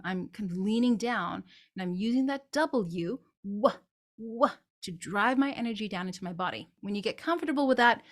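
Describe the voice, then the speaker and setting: A female vocal coach with a medium-pitched voice explains singing technique, breaking into short sung demonstrations of phrases.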